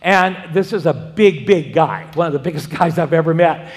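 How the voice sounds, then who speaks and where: A man's voice: a little high, normal speed. A man, a pastor, preaching a sermon and wandering into folksy personal stories with frequent restarts. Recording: long hall reverb.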